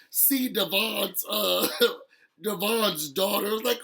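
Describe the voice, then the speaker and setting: A man talks to his viewers in a loose, heartfelt recap of a reality show episode. His voice sits high and bright, and he keeps laughing and pressing his points with feeling. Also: slow pace, gravelly. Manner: animated, laughing often, talking straight to viewers. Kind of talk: emotional casual recap chat.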